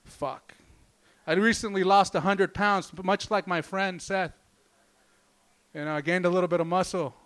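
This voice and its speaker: A man's voice: high voice, fairly even intonation, moderate pace, long pauses, fairly bright tone. A man doing a stand-up comedy set, rambling loosely and swearing constantly. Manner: profane, rambling, loose delivery.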